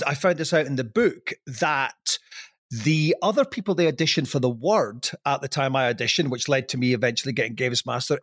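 A man's voice: a little high, a bit bright, slightly rough, dry recording. Laughing man, dry close mic. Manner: rambling, self-deprecating, laughs often. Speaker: podcast guest. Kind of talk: casual podcast chat.

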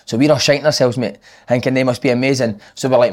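A man's voice: mid-range voice, steady tone. A Scottish man in his thirties telling stories on a podcast, swearing and laughing with friends. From Scotland. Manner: swearing, laughing storyteller, quick banter. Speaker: podcast co-host, ex-footballer. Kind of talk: casual chat, storytelling.

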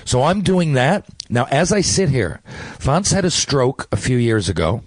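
A man's voice: mid-range voice, big pitch swings, a little slow, no echo. A middle-aged man from Newfoundland with a Newfoundland accent, a guest telling stories in a loose, rambling way with many restarts, talking remotely from his home. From Newfoundland, Canada. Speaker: actor, guest. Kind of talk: casual interview chat. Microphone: remote interview from home.

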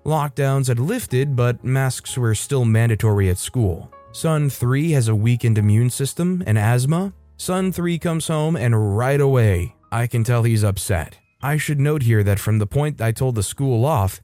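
A man hosting a podcast, reading a first-person story aloud in a steady narration and voicing the quoted characters in his own voice. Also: mid-range voice. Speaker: podcast host reading stories. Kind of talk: scripted narration.

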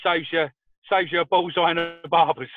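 Give me a high-pitched, foul-mouthed man over a thin, phone-like line, spinning chatty anecdotes. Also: normal speed. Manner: swears freely, animated anecdotes. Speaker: podcast co-host. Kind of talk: casual chat.

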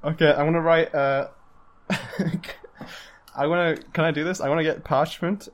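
A man's voice: on the high side, steady tone, moderate pace. A man playing a tabletop game, talking casually and unsurely, often trailing off. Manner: unsure, hesitant, laughing often. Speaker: player.

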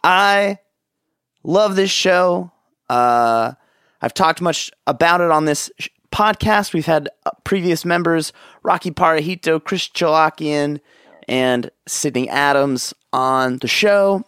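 A man hosting his own podcast in a loose, rambling way, poking fun at himself and swearing casually. His voice sits on the higher side and is crisp and smooth, with a dry, close sound and no room echo. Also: takes it slowly, a bit bright. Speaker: podcast host.

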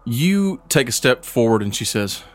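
A man narrating as game master, describing the scene in a relaxed way with casual fillers. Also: medium pitch, normal speed, faint music behind.

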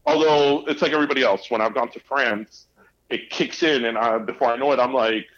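Male home podcast co-host, mid-pitched, meandering, dull lo-fi sound. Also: brisk, a bit bright. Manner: rambling, many fillers and restarts. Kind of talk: casual chat.

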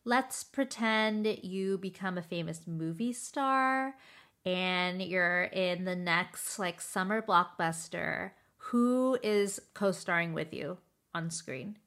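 A woman co-hosting an interview, asking questions in a relaxed way. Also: on the low side, slow. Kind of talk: casual interview chat.

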